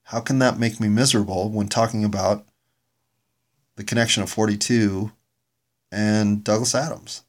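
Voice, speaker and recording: A man's voice: lowish voice, fairly even intonation, normal speed, long pauses. A man hosting his own podcast, rambling through a reflective and self-critical solo monologue. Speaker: podcast host reviewing his own episodes.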